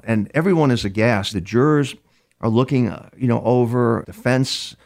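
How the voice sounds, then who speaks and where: An older man, a criminal profiler being interviewed, telling stories in a halting way, repeating words and acting out quoted dialogue. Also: mid-range voice. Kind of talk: storytelling interview answers.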